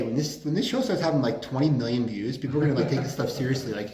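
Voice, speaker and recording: A man delivers a relaxed lecture to a small group at a campus center, joking freely and wandering into anecdotes. His mid-pitched voice carries a roomy echo from the space around him. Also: fast, hardly any pauses. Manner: joking, rambling, fond of anecdotes. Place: room at a campus Catholic center.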